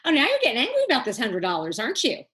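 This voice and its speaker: Woman lecturing her class, lively and jokey, kinda high voice, loose casual way of talking. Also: rapid-fire. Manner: lively, joking, teasing students; casual and colloquial. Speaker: business law instructor.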